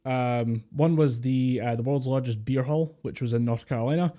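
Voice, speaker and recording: A man's voice: mid-range voice, normal speed, warm tone. A Scottish man co-hosting a podcast over a voice call, chatting casually in a rambling way, swearing freely and laughing often. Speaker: podcast co-host. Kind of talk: casual chat. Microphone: Discord voice call.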